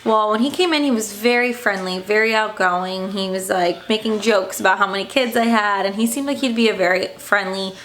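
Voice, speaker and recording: Uma mãe jovem que narra num vlog casual uma ida difícil ao dentista, em tom indignado e aflito, com muitas hesitações. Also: female voice, mid-range voice, fairly quick, few pauses, fairly bright tone. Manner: upset, indignant retelling with fillers. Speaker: stay-at-home mom vlogger.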